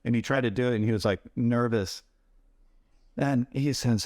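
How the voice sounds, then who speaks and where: In a relaxed interview, a stuntman guest shares animated stories from his work, pushing his pitch higher to mimic the voices of people he quotes. He speaks at a moderate speed in an everyday mid-range voice. The audio is intimate and dry, with no room sound at all.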